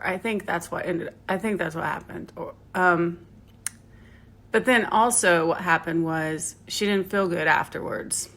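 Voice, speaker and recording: Unhurried and a bit bright, her lowish voice carries a loose, rambling story. The speaker, a yoga teacher, keeps it chatty with lots of fillers and asides aimed at the listener.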